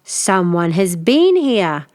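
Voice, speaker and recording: A heavy, gruff father bear from a storybook who growls each word slowly and deliberately, as a woman puts him on. The pace drags and the pitch sits a little low. The recording is close and dry. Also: very animated, a little mellow, no room sound. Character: big gruff father bear, slow and menacing.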